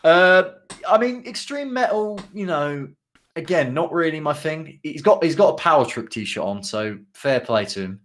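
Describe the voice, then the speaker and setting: A man's voice: a little high, animated, normal speed, fairly bright tone. A man co-hosting a casual podcast, reading out band descriptions with frequent ums and asides. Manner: reads out band blurbs with many ums and asides. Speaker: podcast co-host.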